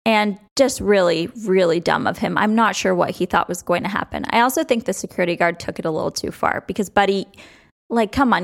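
A woman's voice: mid-range voice, gravelly. A young woman hosting a sports podcast, chatting casually with strong opinions and frequent laughs.

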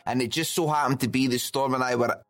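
A young man with a Scottish accent talks casually on a podcast, pressing his argument with playful, emphatic insistence. His voice sits at an ordinary middle pitch for a man. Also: fairly even intonation, fast talker. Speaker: podcast co-host, new father. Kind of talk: casual chat.

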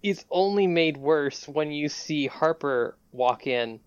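A woman's voice: low voice, expressive, slow, clear, resonant tone, no echo. A woman game master narrating a tabletop game casually, often laughing. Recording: dull lo-fi dry sound.

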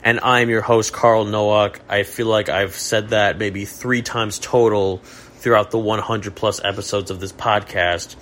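A man's voice: lowish voice, a bit bright. A young man hosting a casual podcast chat, musing in a jokey, mock-profound way. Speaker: podcast host.

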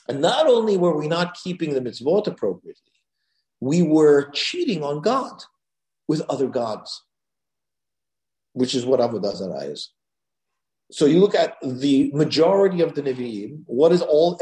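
A man giving a Torah lecture as a rabbi, animated and leaping higher when he voices God's words. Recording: echoey room.

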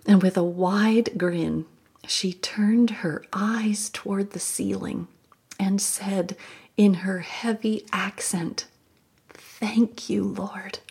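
A woman hosting a Christian podcast, telling a personal story in a soft, reflective way with breathy, whispered asides. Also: mid-range voice, fairly even intonation, takes it slowly. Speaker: podcast host.

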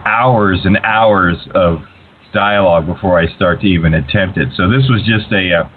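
A man's voice: low voice, normal speed, a little hiss or hum. A man calling in to a live stream, a voice actor who talks playfully and laughs often. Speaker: voice actor caller. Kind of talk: call-in chat on a live stream. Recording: tinny phone line.

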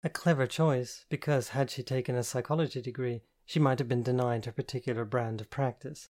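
A woman's voice: a bass voice, steady tone, fairly quick, darkish tone. Wry woman reading a novel aloud. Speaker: audiobook narrator. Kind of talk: first-person novel narration.

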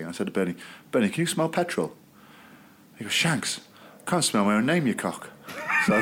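Male co-host, lowish voice, easy storyteller who laughs at his own jokes. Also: a bit bright, slight background noise. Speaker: podcast co-host, former rugby player. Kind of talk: casual chat.

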